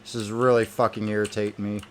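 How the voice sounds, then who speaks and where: A man talks over his gameplay in a fairly low voice, irritated and swearing nonstop. He speaks into a desk microphone with a faint hiss underneath. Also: level tone, quick pace. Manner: irritated, heavily profane ranting. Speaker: gamer. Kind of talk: gameplay commentary.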